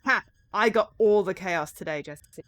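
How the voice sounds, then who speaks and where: A woman's voice: medium pitch, unhurried, a bit bright. A woman streaming a game, chatting casually and thinking aloud, sometimes dropping to near-whispers. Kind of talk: casual let's-play commentary.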